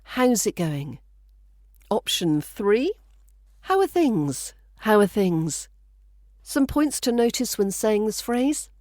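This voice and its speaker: A woman's voice: mid-range voice, very animated, slow, long pauses, a little mellow, no room sound, studio quality. A woman with a British accent giving a scripted pronunciation lesson, speaking carefully and repeating each phrase as a model. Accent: British English. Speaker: accent coach.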